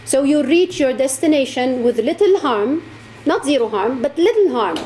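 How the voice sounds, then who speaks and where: A woman's voice: high voice, animated, normal speed, warm tone, slight background noise. A woman giving an impassioned religious talk to an audience, repeating words for emphasis. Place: lecture hall.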